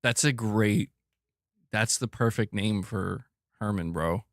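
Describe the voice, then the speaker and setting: Male gaming news host, casual and self-mocking, lower voice, dry close mic. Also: takes it slowly, a bit bright, no room sound. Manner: joking, self-mocking, laughs often.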